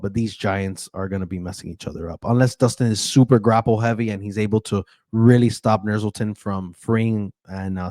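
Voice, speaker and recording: This betting analyst host has a lowish, warm voice with no echo. He runs a loose, casual breakdown of fight bets, filling it with ums and tripping over the fighters' names.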